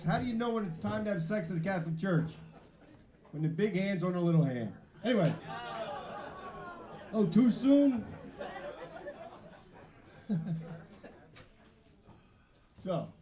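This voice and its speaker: A man hosting a comedy show, telling a quick joke and then introducing the next comedian. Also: high voice, darkish tone. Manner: upbeat emcee patter. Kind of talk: emcee introductions and quick jokes. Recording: echoey hall with live audience.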